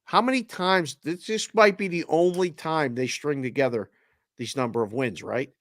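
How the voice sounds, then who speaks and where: A man's voice: a little high, moderate pace, no room sound, studio quality. A man co-hosting a sports betting show, teasing his partner and pushing his picks hard. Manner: teasing, emphatic about picks. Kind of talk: casual sports talk banter.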